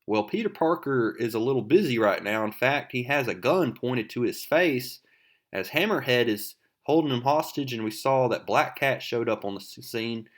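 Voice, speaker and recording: A man's voice: medium pitch, animated, moderate pace. Chatty man recapping a comic book. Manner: chatty, reads dialogue aloud.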